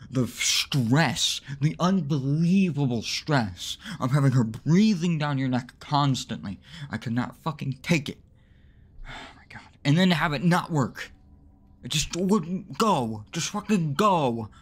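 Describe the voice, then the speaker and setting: A gamer man narrates his playthrough with a very lively voice that swings all over the place. He swears freely and rants at himself in exasperation, and he breaks into sudden high-pitched yelps when things go wrong. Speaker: let's play gamer. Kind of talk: live gameplay commentary.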